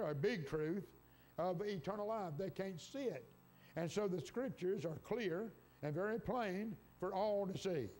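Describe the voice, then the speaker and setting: High-voiced man preaching a sermon. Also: a little mellow, a little hiss or hum. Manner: preaching with scripture quotes, rising to fervent exclamations. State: congested from an illness. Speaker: pastor. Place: church sanctuary.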